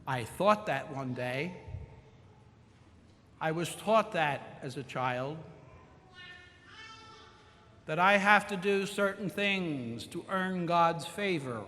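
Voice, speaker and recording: Male priest giving a homily, slow, stretches words, echoey church, faint room hum. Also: on the high side, expressive, sharp tone. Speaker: pastor. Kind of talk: sermon. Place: large church. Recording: long church reverb, faint room noise.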